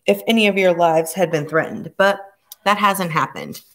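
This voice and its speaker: A woman reading the part of a stern male police inspector who speaks slowly and grimly. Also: on the low side, lightly acted. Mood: placating. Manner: slow, measured and grim.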